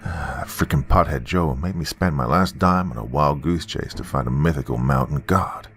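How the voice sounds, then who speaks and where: A man's voice: very deep voice, normal speed, fairly bright tone, slight background noise, voice pushed down. A man voicing a self-centered, entitled young man who mutters irritably in a story reading. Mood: seething.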